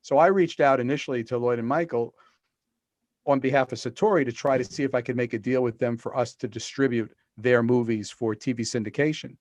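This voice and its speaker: A man's voice: mid-range voice, fairly quick, no room sound. A middle-aged man, the guest author, telling stories in an interview over a video call and acting out the quotes he tells. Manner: animated storyteller, acts out quotes.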